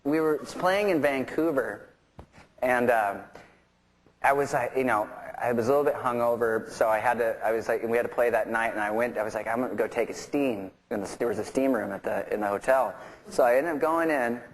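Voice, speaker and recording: A man's voice: mid-range voice, fairly quick. A male musician telling a rambling anecdote, laughing as he goes. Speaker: musician guest. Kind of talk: casual anecdote.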